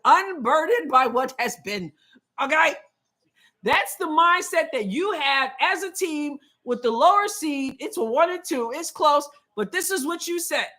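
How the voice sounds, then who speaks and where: Hosting a live game watch-along, a woman chats opinionatedly, calling plays in quick asides and reading viewer comments out loud. Her voice sits high with a fairly bright tone.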